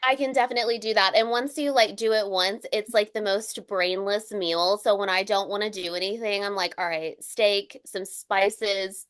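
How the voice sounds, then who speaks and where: A woman's voice: mid-range voice, fairly even intonation, a little fast, few pauses, a bit bright, clear, resonant tone. A woman chatting casually as a podcast guest, giggling often and filling her speech with "like". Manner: giggly, chatty, uses "like" a lot. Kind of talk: casual chat.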